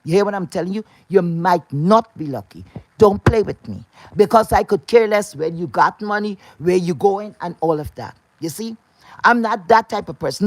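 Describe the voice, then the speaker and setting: A woman's voice: mid-range voice, animated, normal speed, dry recording. A woman delivering an angry, profane, confrontational rant to camera.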